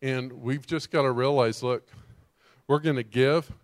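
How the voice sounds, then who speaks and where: A man preaching a sermon as a pastor, animated and emphatic, often putting rhetorical questions to his listeners. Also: medium pitch, a little slow, no echo.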